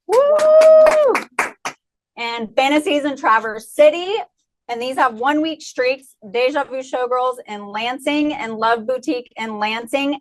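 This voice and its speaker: A woman cheerfully reading out weekly shoutouts at a staff meeting, cheering between items. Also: high-pitched. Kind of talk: cheerful announcements. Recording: noisy background.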